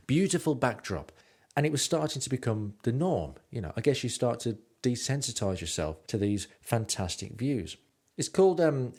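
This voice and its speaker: A man's voice: fairly low pitch, darkish tone. A man narrating his travel stories in a rambling, self-mocking way with lots of ums. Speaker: podcast host and narrator.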